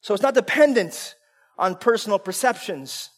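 A woman preaches a fiery sermon, hammering questions at her congregation and answering them herself. She swings from shouted declarations to hushed, intimate asides. Her voice rings out with a long reverb tail, as if filling a church sanctuary. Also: fairly high pitch, expressive, normal speed. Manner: call-and-response questions.

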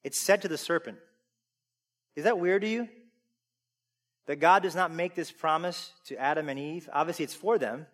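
A man preaching a sermon to a congregation. He asks them questions and climbs from easy conversation to loud, full-voiced preaching. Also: fairly high pitch, normal speed, long pauses. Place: church sanctuary. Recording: long reverb of a large hall.

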